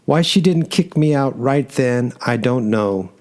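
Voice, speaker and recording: A man's voice: medium pitch, animated, a little slow, a little mellow. Man narrating a first-person story.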